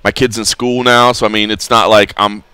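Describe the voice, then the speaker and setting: A man's voice: fairly low pitch, little pitch movement, moderate pace, pushed and bright, smooth, no room sound. A man co-hosting a radio show, chatting casually and rambling with restarts. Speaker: co-host. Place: radio studio.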